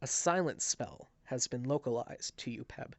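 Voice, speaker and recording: A man narrating as game master, describing scenes with halting restarts. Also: medium pitch, creaky, dry recording. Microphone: headset.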